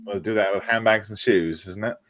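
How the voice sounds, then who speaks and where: Chatty male stream host with a deep voice, easy laughter. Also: brisk, very noisy. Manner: chatty, reads out viewer comments, laughs often. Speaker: livestream host. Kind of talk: casual chat while model making.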